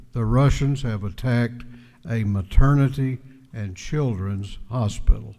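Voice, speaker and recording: A man giving a formal floor speech as a legislative leader, speaking with slow, deliberate pauses at a podium in a large chamber. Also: mid-range voice, mellow. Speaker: speaker of the house presenting a resolution. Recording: chamber reverb.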